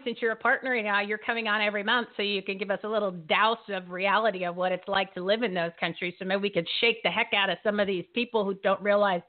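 A woman hosting a live talk show, talking in a fiery, folksy and emphatic way over a video call. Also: medium pitch. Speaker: host. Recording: phone-like narrow audio.

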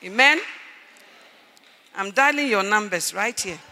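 A male preacher delivering a sermon in a large hall. His voice sits very high and rings bright and piercing. He preaches with emphasis, rising to shouts and calling for Amen, while long reverb trails each phrase. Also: animated, measured pace, slight background noise.

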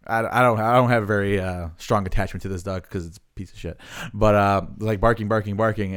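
Male podcast host, low, smooth resonant voice, laid-back and chatty. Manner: relaxed, easygoing talk with fillers. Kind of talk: casual podcast chat.

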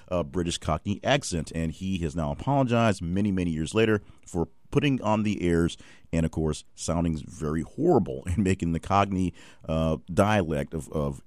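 A man's voice: low-pitched, a little mellow, dry recording, studio quality. A man hosting a news recap podcast, giving wry, offhand commentary with frequent fillers.

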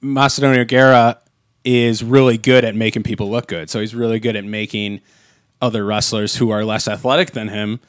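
A man's voice: on the low side, steady tone, fairly quick, no room sound. A man co-hosting a podcast in casual chat, rambling with many fillers and restarts on a close mic. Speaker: podcast co-host.

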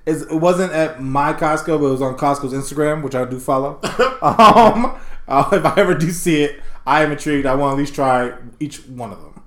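A man's voice: fairly high pitch, fairly quick, a bit bright, roomy sound. A man co-hosting a casual podcast, playful, joking and laughing often. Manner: playful, laughs a lot, swearing freely. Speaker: podcast co-host. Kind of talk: casual chat.

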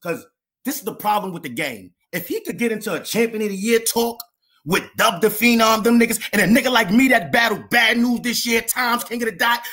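A man's voice: high-pitched, brisk, bright, forceful tone. A man, a battle rapper, arguing brashly and dismissively with a rival, boasting about his own record. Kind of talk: heated face-off argument.

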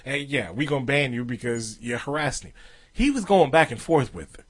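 A man's voice: mid-range voice, lively intonation, brisk, slightly rough. A man co-hosting a casual podcast chat, profane and rambling, laughing often. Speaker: podcast co-host.

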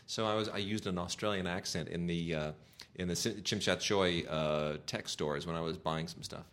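A middle-aged man co-hosts a laid-back podcast reviewing home video releases, talking at a normal pace in a low, fairly bright voice. He's enthusiastic and sarcastic, and his casual chat is packed with fillers and restarts.

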